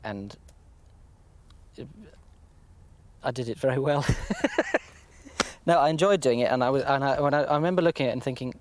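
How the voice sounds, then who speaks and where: A man's voice: mid-range voice, normal speed, pauses often, slight background noise. A man, a comedy actor, talking wryly and self-deprecatingly about his work in a documentary interview.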